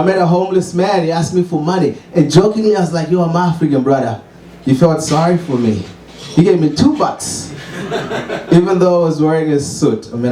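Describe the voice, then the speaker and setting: A man's voice: fairly high pitch, dark tone. A man from Zimbabwe with a Zimbabwean accent, doing a wry, self-mocking stand-up set and chuckling at his own jokes. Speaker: stand-up comedian. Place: small comedy open mic venue. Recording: echoey room, distant mic.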